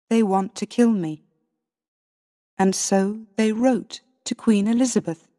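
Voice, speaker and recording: Woman, storybook narration, very slow, mellow tone, long reverb. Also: mid-range voice. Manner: slow, clear, carefully spaced reading. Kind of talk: first-person storybook narration for English learners.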